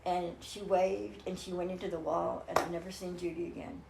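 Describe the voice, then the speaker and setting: A woman's voice: on the low side, flat delivery, a little fast, vocal fry, background noise. An older woman speaking as an interview guest, telling a personal story in an earnest, rambling way with many restarts. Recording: roomy echo.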